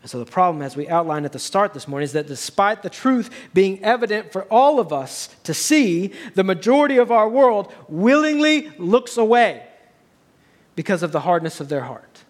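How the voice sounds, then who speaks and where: A man's voice: high-pitched, very animated, moderate pace. A man preaching a sermon as pastor, earnest, building to raised emphatic passages.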